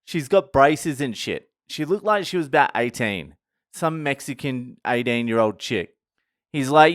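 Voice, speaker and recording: A man's voice: mid-range voice, expressive, measured pace, no echo, clean studio sound. A young man, telling a crude, mocking story to camera with heavy swearing. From Australia. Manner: crude, sweary, mocking, laughs at his own jokes. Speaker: vlogger. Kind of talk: profane storytelling rant.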